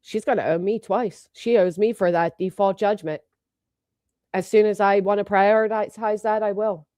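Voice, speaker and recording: A woman's voice: mid-range voice, steady tone, normal speed, warm tone, no echo, clean studio sound. A middle-aged woman hosting a livestream, blunt and profane, reading out viewer names between heated remarks. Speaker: livestream host.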